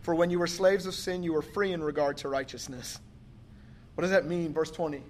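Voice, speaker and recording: A man preaching a sermon, reading scripture slowly and commenting emphatically, often laughing. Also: a little high, fairly even intonation, slight background noise.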